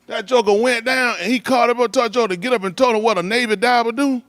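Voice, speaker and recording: A man's voice: very high voice, fairly even intonation, quick pace, no room sound. A man telling stories in casual talk, rambling loosely and breaking into laughs. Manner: loose rambling delivery with laughs and shouted impressions.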